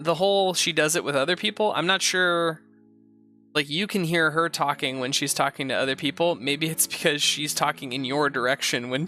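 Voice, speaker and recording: A man's voice: on the high side, pushed and bright. A man hosting a show, reading posts aloud and giving rambling, profane, sarcastic commentary in a casual chat style. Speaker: host.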